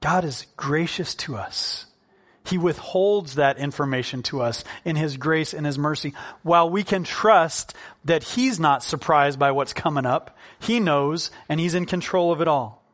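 A pastor delivers a sermon from the pulpit in a somewhat higher, slightly bright voice. His tone is earnest and conversational, and he slows down when he wants a point to land.

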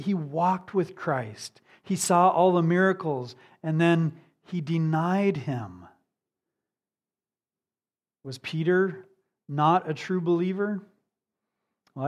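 A man preaching a sermon in an earnest manner, asking rhetorical questions and moving between emphatic and hushed delivery. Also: a little high. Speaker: pastor.

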